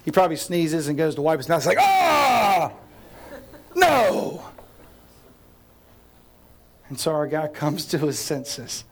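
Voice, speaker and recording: A man preaching a sermon as pastor, telling a story in an animated way, acting out scenes and speaking straight to his listeners. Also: fairly high pitch, a little fast, few pauses.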